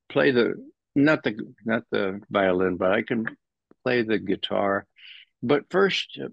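A man commenting as a guest in an interview, animated and sardonic, rising sharply in pitch when he stresses a point. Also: gravelly, dry recording. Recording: dull lo-fi dry sound.

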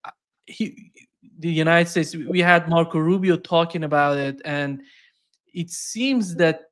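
Man hosting an interview, slightly high voice. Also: unhurried, a bit bright. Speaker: host.

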